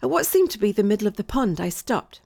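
A woman narrating a first-person story in a clear, expressive way. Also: medium pitch, quick pace, no echo, clean studio sound.

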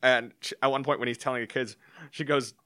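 A man's voice: mid-range voice, steady tone, quick pace, fairly bright tone, no echo, studio quality. A man co-hosting a casual film discussion, recounting scenes with wry jokes.

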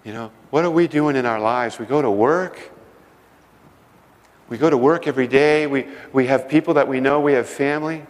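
A middle-aged man preaching a sermon with stories, shifting between loud emphasis and hushed, slowed phrases. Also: medium pitch. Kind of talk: sermon storytelling. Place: church sanctuary. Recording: long reverb of a large hall.

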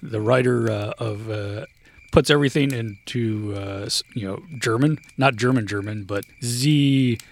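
A man co-hosting a podcast, retelling a history in a halting way with many fillers and quick yeps. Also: medium pitch, creaky. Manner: halting, full of uh and yep. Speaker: podcast co-host. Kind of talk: casual chat, retelling a history.

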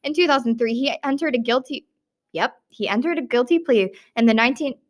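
A woman's voice: fairly high pitch, brisk. A woman with an American accent who reads a crime story from notes in a casual chat, stumbling over words and laughing often. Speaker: co-host presenting a true crime case. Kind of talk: casual classroom podcast chat. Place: school classroom.

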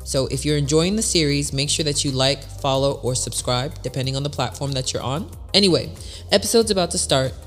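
A woman hosting a casual live talk show, joking and riffing with her co-hosts in lively banter. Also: brisk, faint music behind. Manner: animated, jokey, swoops up into high squeals when excited. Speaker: podcast and radio show host.

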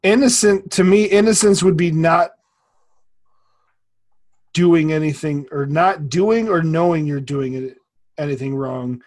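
A man's voice: fairly high pitch, measured pace, long pauses, a little mellow. A young man in casual chat, a rambling storyteller who swears freely and laughs often.

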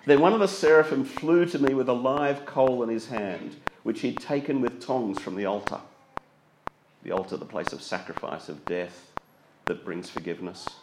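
Animated male preacher. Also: mid-range voice, normal speed, background noise. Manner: expressive preaching, reading scripture aloud with commentary. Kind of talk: sermon.

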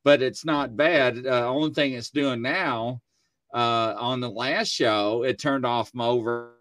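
A man hosting a casual chat show from his studio, telling stories with lively acted-out quotes. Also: medium pitch, measured pace, no echo. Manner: animated storyteller, acts out quotes. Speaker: host. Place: home studio.

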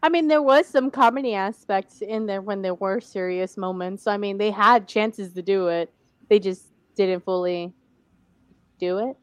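A young woman co-hosting a casual chat about a TV series, animated and mocking, with some swearing. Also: mid-range voice, a little slow, clean tone, no echo. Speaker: podcast co-host.

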